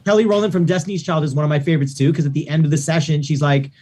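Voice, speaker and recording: A man, a record producer guest, chatting casually on a podcast and telling animated stories with acted-out quotes. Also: on the high side, racing, slight background noise. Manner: animated storytelling, acts out quoted voices.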